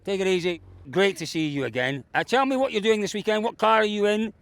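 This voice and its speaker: A man's voice: sits high, fast talker, fairly bright tone, clean tone, dry recording. A man hosting roving interviews outdoors, jovial, effusive and teasing. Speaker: host, interviewer. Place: outdoors at a rainy rally stage.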